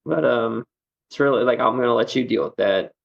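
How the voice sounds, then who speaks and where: A man's voice: mid-range voice, fairly quick, vocal fry, highs cut off. A man chatting as a podcast guest, rambling with lots of fillers and easy laughs. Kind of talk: casual podcast chat.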